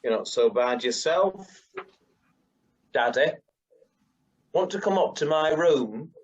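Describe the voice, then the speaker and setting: A man's voice: a little high, expressive, slow pace. A man playing a cheeky, teasing young charmer. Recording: distant, dull lo-fi sound.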